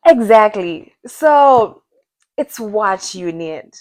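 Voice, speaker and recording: A young woman from Zimbabwe chats casually as a podcast co-host. She talks in an animated, emphatic way and laughs often. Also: medium pitch, drawn-out words. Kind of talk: casual chat.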